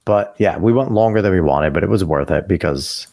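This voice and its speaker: A man's voice: deep voice, animated, fairly quick, darkish tone, no room sound, studio quality. A man co-hosting a podcast over a video call, ranting emphatically with profanity and sudden rising outbursts. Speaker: podcast co-host. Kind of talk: casual opinion podcast chat.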